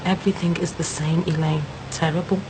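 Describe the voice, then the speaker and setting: A woman's voice: deep voice, steady tone, a little fast, noisy background, close to an everyday voice. An actress playing a withdrawn woman who curtly brushes off her sister. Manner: curt, dismissive, snapping.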